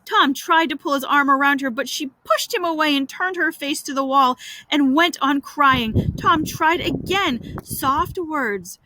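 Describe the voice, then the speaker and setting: A woman reading a classic story aloud with expressive delivery, dropping in wry casual asides. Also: high voice, measured pace, poor audio. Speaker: reader.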